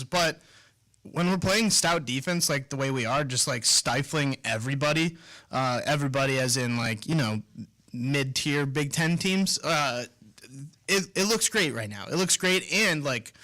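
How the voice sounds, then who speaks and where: A man's voice: mid-range voice, pushed and bright. A man in his twenties co-hosting a casual sports talk show, laid-back and rambling with lots of fillers. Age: 20s.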